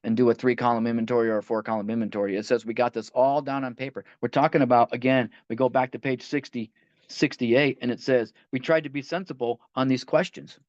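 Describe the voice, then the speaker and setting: In a dull, dry lo-fi recording, a man speaks quickly in a steady, medium-pitched voice. He's guiding a recovery book study line by line, reading passages aloud in a conversational way and frequently starting phrases over.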